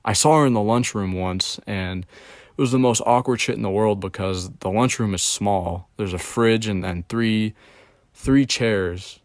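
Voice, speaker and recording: Young male streamer, casual profane rambler, slightly low pitch, dry sound. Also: unhurried, dry recording. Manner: rambling, profane, storytelling with many fillers. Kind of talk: casual rant about work.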